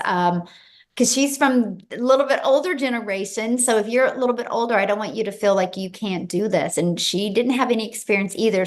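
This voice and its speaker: A woman hosting, gushing with effusive praise for her guests. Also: mid-range voice. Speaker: host and mentor.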